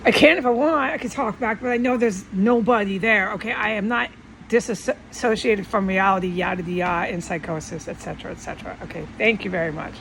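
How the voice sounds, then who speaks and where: A woman's voice: mid-range voice, fairly quick, gravelly, fairly bright tone, a little hiss or hum, rough recording. A woman talking at home in a rambling, defensive monologue, insisting on her points again and again. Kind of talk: casual monologue vlog.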